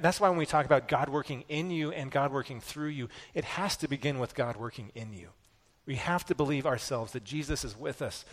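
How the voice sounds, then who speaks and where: Earnest man preaching a sermon. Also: medium pitch. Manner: earnest, repetitive emphatic phrasing. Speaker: pastor.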